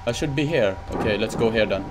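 A man's voice: on the low side, animated, fast, background noise. A young man giving nervous, swear-heavy commentary as he plays a game and reads its prompts aloud. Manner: jittery, swears a lot, reads on-screen text aloud. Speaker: gaming channel host. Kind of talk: let's play commentary. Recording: loud game music behind.

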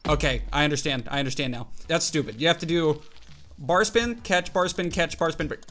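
A young man hosting a gaming channel, giving excited, jumpy commentary to himself as he plays a mobile game. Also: on the high side, a little fast. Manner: excitable, jumpy, talks to himself while playing.

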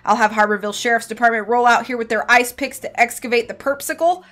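A woman reading aloud, voicing a blustering, self-important male deputy sheriff in a brash, loud manner. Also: fairly high pitch, fairly even intonation, fast talker, natural voice. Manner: pompous and brash, louder than the narration.

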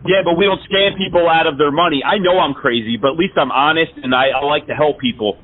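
A man's voice: fairly high pitch, fast talker. A man making an absurd prank phone call, rambling through exaggerated complaints. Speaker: scambaiter prank caller. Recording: tinny phone line.

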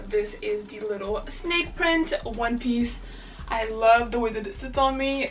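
A woman's voice: fairly high pitch, a bit bright, distant mic. A young woman doing a fashion try-on haul, bubbly and gushing, with lots of "like" filler. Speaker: fashion vlogger.

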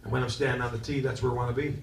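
A man's voice: mid-range voice, level tone, racing, pitched below the performer's own voice, natural voice. A man impersonating a golf star who gives circular, empty answers full of fillers. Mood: vacant. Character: rambling, vacant American golf star interviewee. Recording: echoey hall from far off, faint noise.

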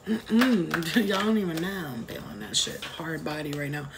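A woman giving a casual tarot reading to camera, excitable and exclamatory, swearing freely. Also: low-pitched, moderate pace, vocal fry. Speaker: tarot reader. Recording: noisy recording with clicks.

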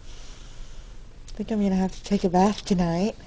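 A woman's voice: medium pitch, fairly even intonation, measured pace, dark tone, a little hiss or hum, low-quality recording. A young woman recording a casual video diary in her dorm room, rambling and candid, with frequent fillers and self-corrections. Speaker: vlogger.

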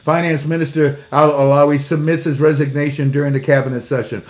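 A man's voice: fairly high pitch, level tone, a little fast, few pauses. A man reading news articles aloud and mocking them with sarcastic jokes and acted-out exchanges. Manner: sarcastic, jokey, acts out little dialogues; laughs at his own jokes. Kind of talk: casual commentary.

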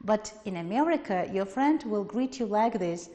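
A woman teacher with an Azerbaijani accent, giving a lesson in English in a lively, emphatic way and repeating words for her students. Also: mid-range voice, moderate pace. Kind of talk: televised classroom lesson. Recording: long hall reverb.

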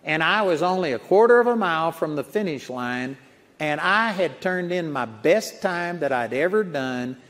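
A man's voice: on the high side, expressive, moderate pace, fairly bright tone. A man preaching a sermon in a folksy storytelling way, chuckling at his own anecdotes. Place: large auditorium. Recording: long auditorium reverb.

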